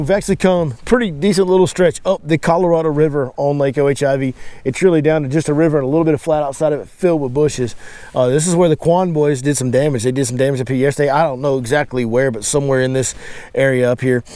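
A man's voice: mid-range voice, dark tone, no echo. A young man hosting a fishing vlog from a boat, chatty and upbeat as he talks straight to viewers. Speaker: fishing guide and host. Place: on a boat on a lake outdoors.

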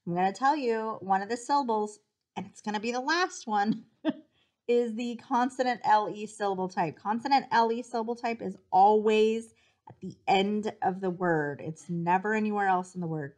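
A woman's voice: mid-range voice, normal speed, darkish tone. A woman teacher giving a spelling dictation lesson, patiently sounding out syllables and explaining the rules.

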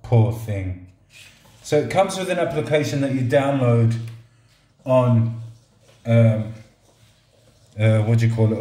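A middle-aged man casually reviewing a toy robot at a table, relaxed and joking, talking to it like a pet. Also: mid-range voice, slow, pauses often, echoey room. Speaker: product reviewer. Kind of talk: casual product review vlog. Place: indoors at a table or counter.

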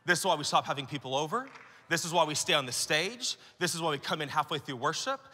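A man's voice: fairly high pitch, animated, fast, sharp tone, husky, long reverb tail. A man preaching a sermon to church leaders at a conference, talking casually and acting out the voices he quotes. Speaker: pastor. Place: large conference hall.

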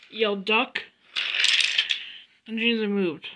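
A woman narrating a fan-made toy train story at an unhurried storytelling pace. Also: medium pitch, background noise. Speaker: narrator and voice of every character.

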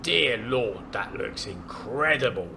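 A man's voice: medium pitch, expressive, slow pace, creaky, background noise. A man hosting his gaming channel, giving casual, jokey, awestruck commentary as he plays.

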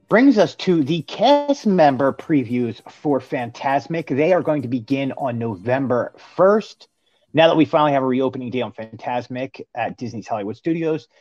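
A man's voice: medium pitch, darkish tone, no echo. A man co-hosting a casual news podcast, reading items aloud with fillers and small slips. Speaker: podcast co-host. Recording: dry, dull lo-fi podcast audio.

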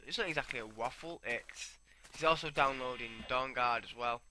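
A man's voice: medium pitch, normal speed, pushed and bright, slight background noise. A young man rambling to himself as he comments on his own gameplay. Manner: rambling, talks to himself while playing.

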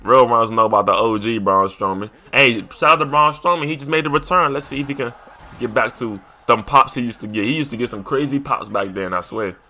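A young man commentating a wrestling video game as he plays it, excitable and slangy, shouting and trash-talking at the screen. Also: medium pitch, a little fast. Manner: loose slangy casual speech. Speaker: gaming YouTuber. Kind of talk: live gameplay commentary.

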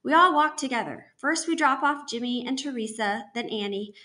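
Bright-voiced woman reading a novel aloud. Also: high-pitched, normal speed. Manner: expressive, steady storytelling. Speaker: teacher.

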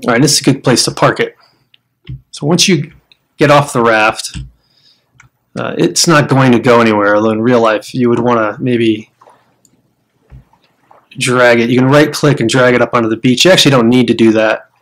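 An American man talking through a survival game at a mid pitch. He is chatty and explains each step to the viewers as he goes. Now and then he breaks into loud startled outbursts. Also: fairly even intonation, moderate pace, long pauses. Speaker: gamer showing a survival game. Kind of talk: casual game commentary.

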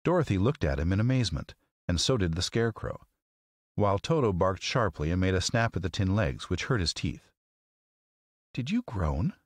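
A man narrating a classic children's story as an audiobook, with an expressive, measured reading. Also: low voice, no echo, clean studio sound.

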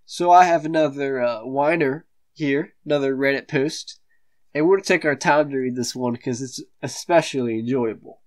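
A teenage male comedic commentator ranting in a sneering, dismissive, slangy way, with slow, drawn-out delivery. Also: medium pitch. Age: late teens. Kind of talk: satirical rant reading online posts.

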